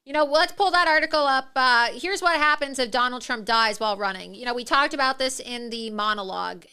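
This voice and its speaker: A woman's voice: a little high, bright, forceful tone, smooth. A woman hosting a political talk show, ranting with indignation and laughing mid-sentence. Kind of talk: opinionated political commentary.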